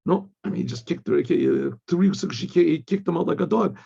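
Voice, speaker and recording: Gravelly high-voiced rabbi telling a story. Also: male voice, fast. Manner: animated storyteller, acts out quoted voices, repeats words. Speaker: rabbi teaching. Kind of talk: storytelling lesson. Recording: dull lo-fi recording.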